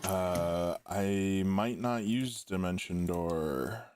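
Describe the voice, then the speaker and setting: A man's voice: deep voice, very slow, darkish tone, slight background noise. A man playing a tabletop game, hesitantly thinking aloud while he plans his turn. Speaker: player.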